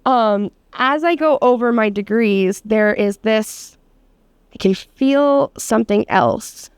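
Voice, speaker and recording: A woman's voice: a little high, takes it slowly, clean tone, no echo, clean studio sound. Casual, chatty woman teaching massage. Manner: casual, chatty, many fillers and laughs, swears. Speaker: massage therapy instructor. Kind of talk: hands-on demonstration class.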